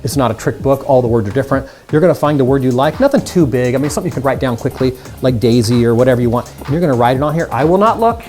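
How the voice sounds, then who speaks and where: Quick upbeat guy explaining magic tricks to viewers, faint music behind. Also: medium pitch, expressive, a little mellow. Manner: upbeat, chatty, talks straight to the viewers. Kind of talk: casual magic tutorial.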